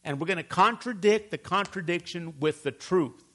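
A male pastor preaching a sermon, animated and calling for responses from the congregation. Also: high voice, moderate pace.

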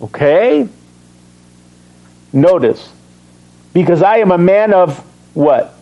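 A man preaching to his congregation in a conversational, animated way, with a somewhat higher voice than most men. He reads scripture aloud, throws questions out to the listeners and answers them himself. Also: takes it slowly, creaky, dull audio. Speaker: pastor. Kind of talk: sermon.

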